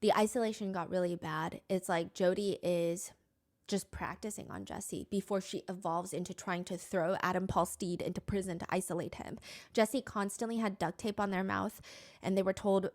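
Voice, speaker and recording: Woman storyteller, mid-pitched, earnest and measured true crime narration. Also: fairly even intonation, darkish tone.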